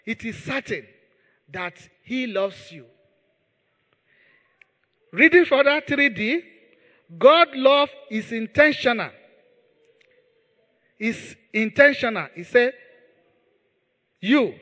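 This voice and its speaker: Male pastor, sermon, high and tense voice, slow and emphatic, reverberant hall. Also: animated, pushed and bright. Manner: emphatic, repeats key words, leads the congregation in prayer.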